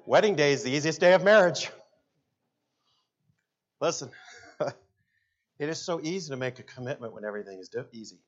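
A middle-aged man, a pastor preaching a sermon in an animated, jokey way. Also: on the high side, moderate pace, pauses often, highs cut off. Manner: animated, jokey, shouts in acted quotes.

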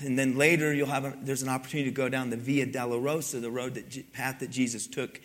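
An older man preaching a sermon, telling stories with asides to his congregation and swinging from loud exclamations to hushed, near-whispered moments. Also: a little high. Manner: storytelling, conversational asides to the congregation. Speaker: pastor.

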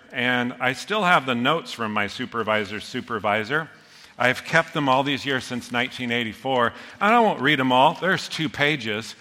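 A man in his fifties preaching a sermon, telling stories from his own life with animated, self-mocking humor. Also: medium pitch. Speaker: pastor. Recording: long reverb of a large hall.

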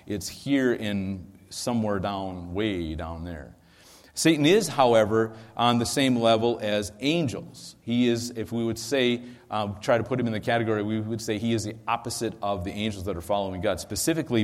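A man's voice: lowish voice, in a large hall. A male pastor teaching a sermon into a microphone, explaining in a conversational way with frequent ums and asides.

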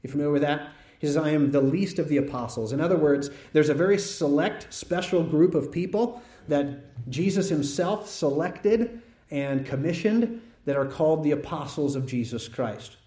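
A man preaching an expository sermon in a large church. His voice sits fairly high and sounds mellow and dark. He teaches in a conversational way and grows animated when he tells a story. The room adds a roomy echo. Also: normal speed. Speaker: pastor.

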